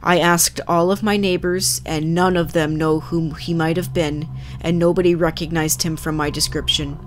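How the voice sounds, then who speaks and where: A woman reads scary stories aloud in a calm, measured way. Her voice sits low for a woman, with faint music under it. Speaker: narrator. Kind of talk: scripted narration of scary stories.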